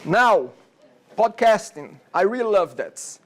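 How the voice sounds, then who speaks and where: A very animated college instructor, a Brazilian man in his forties with a Brazilian Portuguese accent, takes it slowly in a high voice. His classroom lecture is chatty, with frequent "okay?" check-ins.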